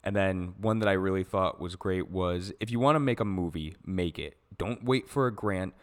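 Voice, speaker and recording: A man with a fairly low voice talks movies in a loose, casual chat. He gets excited and swears freely, and scatters "like" through his sentences. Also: normal speed. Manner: enthusiastic, swears casually, many "like" fillers. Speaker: podcast co-host.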